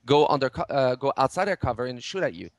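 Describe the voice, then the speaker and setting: A man's voice: medium pitch, very animated, fast talker, dry recording. A middle-aged man, a game studio head in an interview, explaining game mechanics with many restarts and fillers.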